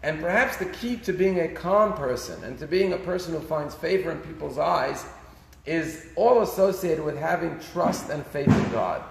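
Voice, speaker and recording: Rabbi with a gravelly voice in an echoey hall. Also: male voice, on the high side, expressive, moderate pace, background noise. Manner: conversational storytelling, Hebrew phrases. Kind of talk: daily sermon with a story. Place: synagogue sanctuary.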